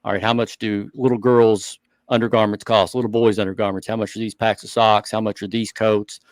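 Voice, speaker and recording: A man co-hosting a hobby talk show, speaking earnestly and thinking out loud in casual chat. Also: lowish voice, level tone, a little fast, no room sound. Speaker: show co-host.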